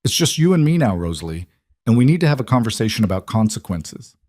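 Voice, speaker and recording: A man reading the lines of a calm, cultured female assassin who taunts her target. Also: fairly low pitch, quick pace, no room sound, clean studio sound. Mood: taunting.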